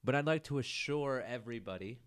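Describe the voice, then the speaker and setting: A man's voice: medium pitch, fairly quick, clean tone. A man hosting his own podcast, talking in a rambling, self-mocking way, swearing often and saying "dude" a lot. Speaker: podcast host. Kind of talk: casual solo podcast monologue.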